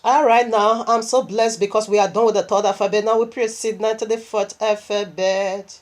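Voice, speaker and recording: A woman's voice: mid-range voice, fairly even intonation, normal speed, few pauses. A woman preacher delivering a sermon while unwell and tired, telling her story animatedly and emotionally, with laughs.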